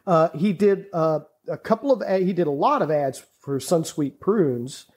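A man's voice: on the high side, animated, normal speed, darkish tone, husky. A man talking as a podcast guest in casual chat, telling stories with enthusiasm and laughing often. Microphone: studio podcast mic.

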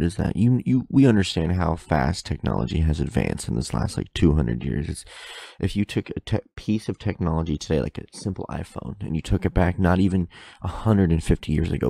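A young man's low, gravelly voice fills a solo podcast recorded at home. He rambles from thought to thought, breaking off his own sentences and cursing without a second thought. His mouth is close to the mic, and the sound is dry. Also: warm tone, dry recording. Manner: rambling, self-interrupting, swears casually. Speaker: podcast host. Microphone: close microphone in front of face.

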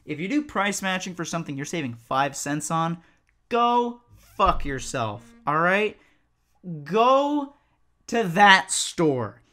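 Bright, swearing storyteller ranting. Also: medium pitch, very animated, slow. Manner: profane, exasperated, ranting. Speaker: retail cashier telling a work story. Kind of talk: animated storytime vlog.

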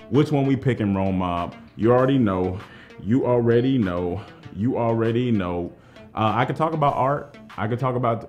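A man's voice: mid-range voice, a little mellow. Hype trivia host guy, joking around, voice all over the place, little music underneath. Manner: hyped-up, playful, jokey, talks straight to the players. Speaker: trivia game show host. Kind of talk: hype live game hosting.

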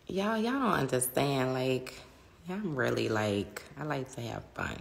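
A woman's voice: extremely low pitch, expressive, unhurried, gravelly. A woman in her thirties with a New Orleans accent, chatting casually on a phone livestream, swearing freely and answering her viewers' comments. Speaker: livestream host.

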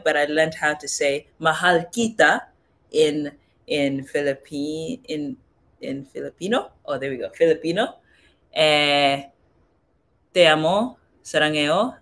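A young woman from Southern Africa hosts a casual livestream, chatting with viewers, reading their comments aloud, and trying out phrases from other languages. Her voice is low-pitched and her pace measured.

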